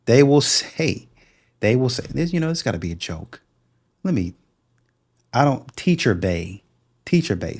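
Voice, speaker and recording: A man's voice: medium pitch, a little mellow. Man giving sarcastic reaction commentary. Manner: sarcastic, scornful, puts on mocking quoted voices.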